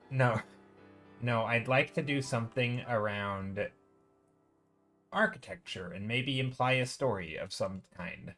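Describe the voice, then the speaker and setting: A man's voice: mid-range voice, a little slow, a bit bright, soft background music. A man live-streaming while painting digitally, chatting casually and thinking aloud as he greets viewers in chat.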